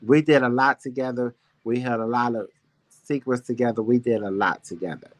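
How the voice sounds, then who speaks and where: A man's voice: medium pitch, steady tone, brisk. A man hosting a casual talk show, telling a personal story in a heartfelt, rambling, emphatic way. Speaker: show host.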